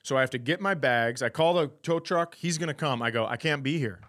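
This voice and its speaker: A man co-hosting a podcast, telling a story in a casual, animated way with plenty of swearing. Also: fairly high pitch, brisk. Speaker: podcast co-host. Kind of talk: casual chat.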